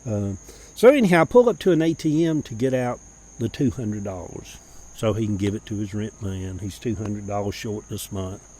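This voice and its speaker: A middle-aged man tells a personal story in a rambling, folksy way, restarting phrases and clearing his throat. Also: fairly low pitch, lively intonation, moderate pace, warm tone, poor audio.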